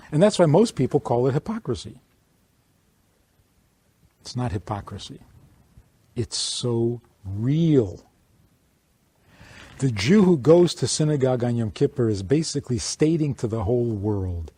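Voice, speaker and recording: A man, a rabbi, giving an informal teaching talk to a small audience, speaking in an animated way and acting out little dialogues. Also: mid-range voice, breathy edge. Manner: animated, plays out dialogues, chuckles.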